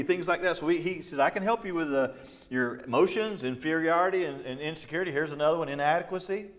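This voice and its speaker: Man, middle-aged pastor, slightly high voice, chatty Bible study teaching, fillers and repeats, acts out voices. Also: a little fast. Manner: conversational, frequent fillers and repeats, acts out quoted voices with laughs.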